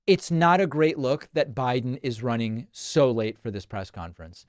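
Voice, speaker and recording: A man's voice: medium pitch, normal speed, no echo. Man from Argentina, live-stream host, chatty, reads viewer comments aloud, close mic, dry sound.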